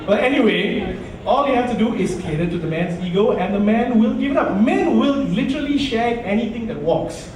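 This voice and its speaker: A man from Malaysia doing a punchy stand-up comedy set on a nightclub stage, often dropping into low asides. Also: animated, a little fast, a little mellow. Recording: echoey club recorded from far off.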